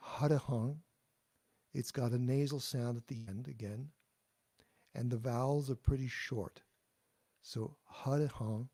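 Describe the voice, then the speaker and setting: Man, teacher, slow call-and-response pronunciation lesson, gravelly, mellow tone. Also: mid-range voice. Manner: slow, patient and explanatory, demonstrating words then pausing for repetition.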